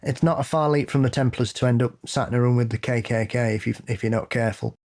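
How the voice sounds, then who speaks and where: Man, podcast co-host, casual chat, blunt, opinionated, swears freely, middle pitch. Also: fast. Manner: blunt, sweary and opinionated, building to animated laughing rants.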